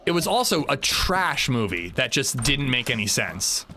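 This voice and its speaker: Rambling, animated male game streamer. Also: mid-range voice, normal speed, a little hiss or hum. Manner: rambling, blunt, swears casually. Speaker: gaming livestreamer. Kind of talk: casual live gameplay chat.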